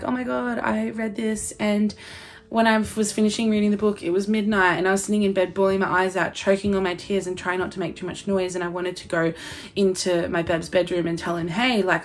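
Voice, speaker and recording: A young Australian woman chatting excitedly about her favourite books, gushing and swearing casually. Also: fairly low pitch. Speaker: book vlogger. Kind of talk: casual chat.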